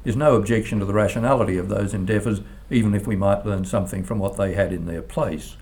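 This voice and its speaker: An older male professor delivers a formal academic lecture, reading from a prepared text. His voice sits low, and he moves through it in a measured, deliberate way, stumbling now and then over a word. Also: a little mellow. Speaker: philosophy professor.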